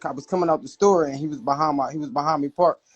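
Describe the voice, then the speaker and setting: A man's voice: fairly high pitch, fast, slightly rough. A man telling a story in casual chat, hesitant and full of fillers.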